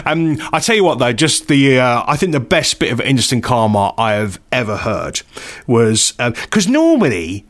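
Male radio co-host, lively storyteller, pitch swings widely, mid-range voice. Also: normal speed. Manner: animated storyteller, acts out quotes. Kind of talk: casual chat, storytelling.

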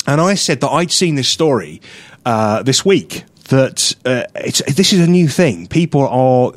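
A man's voice: mid-range voice, unhurried, dry recording. A man, co-hosting a casual radio chat show and telling stories with lots of laughter. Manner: animated, laughing storyteller. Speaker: radio co-host. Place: radio studio.

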